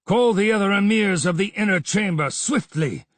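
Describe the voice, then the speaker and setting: A man's voice: high voice, animated, normal speed, dry recording, voice pushed up. A man reading aloud and voicing a menacing vizier who barks commands with rising fury. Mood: commanding. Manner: commanding, dangerous, barking orders.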